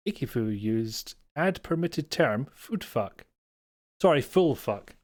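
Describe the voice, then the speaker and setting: A man's voice: mid-range voice, animated, drawn-out words, a little mellow. A man with a Scottish accent chatting casually to viewers as a game streamer, rambling and self-mocking and chuckling often, at a home streaming setup on a desk microphone. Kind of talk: casual live-stream chat.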